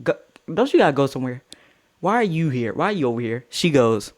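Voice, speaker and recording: Young man, slightly high voice, animated casual storyteller, swears freely. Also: a little fast. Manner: animated, swings into high-pitched outbursts when quoting.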